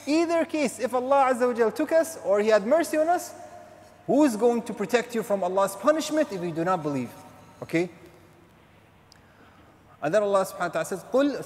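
A male preacher giving a lecture on the Quran in a mosque, animated, mixing Arabic phrases and recitation into his English. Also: high-pitched, normal speed. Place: large mosque hall. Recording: long hall reverb.

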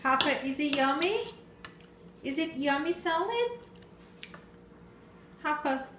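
A woman filming her young child on a phone at home, gently coaxing and instructing him in a casual home video. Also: high voice, lively intonation, takes it slowly, roomy sound, background noise. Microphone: phone camera.

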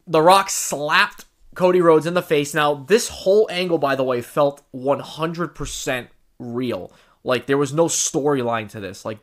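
A man's voice: on the high side, a bit bright. A man hosting his own podcast, recapping events in a loose, rambling way with many restarts and casual swearing. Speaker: podcast host. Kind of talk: casual solo commentary.

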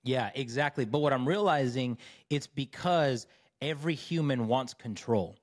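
A man's voice: medium pitch, normal speed. A man on a podcast as a divorce recovery coach, telling his own story in an emphatic, faith-driven way and often checking in with "right?". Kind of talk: conversational storytelling.

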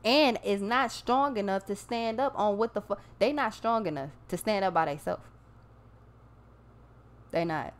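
A woman's voice: mid-range voice, measured pace, pauses often. A woman giving a casual tarot reading, talking bluntly and emphatically with plenty of swearing. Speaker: tarot reader.

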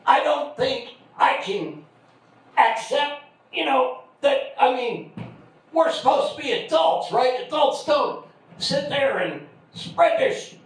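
A middle-aged man doing an open mic stand-up set, shouting his crude punchlines. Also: very high-pitched, lively intonation, takes it slowly, long pauses. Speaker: stand-up comic. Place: comedy club stage. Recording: echoey club, far from the mic.

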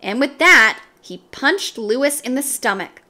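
A woman reads a children's chapter book aloud in an expressive, storyteller's way. Her voice is bright and sits a little high, moving through a lively range at an unhurried pace. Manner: expressive, animated narration. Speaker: storybook reader.

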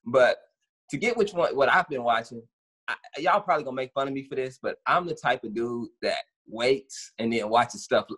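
Husky-voiced man chatting easygoing. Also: mid-range voice, moderate pace, a bit bright. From Gary, Indiana, USA. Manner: easygoing, rambling with restarts. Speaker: podcast co-host. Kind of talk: casual chat.

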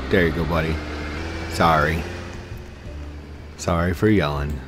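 A young man with a very deep voice does casual let's-play commentary as a gaming YouTuber, speaking unhurriedly and pausing often. Excitable, he yells at other players, then apologizes and laughs often, with music in the background.

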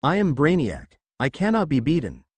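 A man's voice: fairly high pitch, huge pitch swings, moderate pace, husky, dry recording, heavily acted. A man voicing an arrogant android conqueror. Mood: proclaiming.

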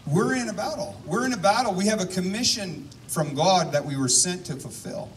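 Out in a park, a man preaches fervently, weaving in stories and repeating words as his intensity rises. His voice sits high and sounds animated at a moderate pace, captured by a distant outdoor mic with faint background noise.

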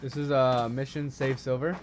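A man streaming a horror game with friends, excitable and swearing, bursting into laughter. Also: mid-range voice, normal speed, noisy background. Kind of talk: casual gaming chat with friends.

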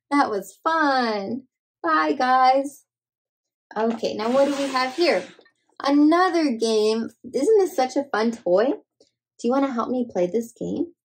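A woman hosting children's toy play, talking to toddlers in a gentle, sing-song, encouraging way. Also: high-pitched, lively intonation, slow, long pauses, a little hiss or hum. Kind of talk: playful narration to toddlers.

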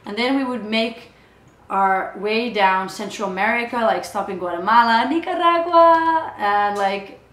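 Chatting casually about her travels, this young woman vlogger leans on filler words, especially "like," and performs the dialogue she quotes. Her voice sits a little high, sounds a bit bright, and moves at an unhurried pace, captured in a room with noticeable echo.

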